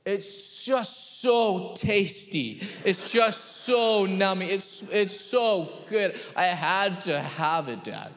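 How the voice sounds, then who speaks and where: A man voicing his pleading four-year-old son in a whiny, drawn-out way. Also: sits high, animated, a bit bright, soft background music, pitched above the performer's own voice, exaggerated voice. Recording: long church-hall reverb.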